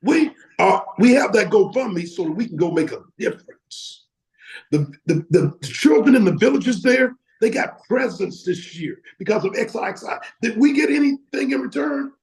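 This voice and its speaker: A man's voice: sits high, animated, normal speed, darkish tone, low-quality recording. A man preaching fervently to his academy's members over a video call, with frequent exclamations. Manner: fervent, exclaims and laughs often. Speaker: academy leader addressing members. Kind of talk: motivational preaching.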